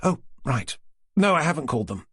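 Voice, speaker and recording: A man's voice: fairly high pitch, very animated, fairly quick, fairly bright tone, slightly rough, no room sound, pitched above the performer's own voice, heavily acted. A man voicing a wry young policewoman. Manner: dry, teasing banter. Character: young woman detective, wry and breezy.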